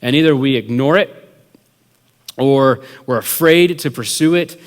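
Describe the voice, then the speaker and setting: A young adults pastor telling a story in a sermon, animated and acting out what people said, with many casual fillers. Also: male voice, mid-range voice, a little slow. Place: church hall. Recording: long reverb of a large hall.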